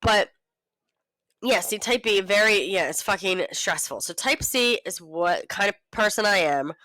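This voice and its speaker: A woman's voice: mid-range voice, a little slow, dry recording, low-quality recording. A woman in her thirties co-hosting a casual podcast, ranting and telling stories with lots of swearing. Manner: profane, ranting, animated storytelling. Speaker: podcast co-host. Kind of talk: casual chat.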